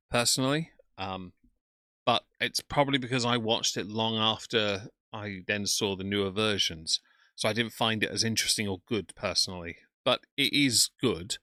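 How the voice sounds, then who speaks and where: Sarcastic low-voiced man, crisp and dry. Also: sharp tone, dry recording. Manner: sarcastic, mocking. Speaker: streamer reacting to another stream. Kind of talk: live reaction commentary.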